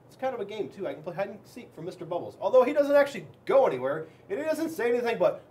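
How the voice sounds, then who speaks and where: A man, a school resource officer, reading a children's book aloud in an animated, expressive way. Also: high-pitched, racing.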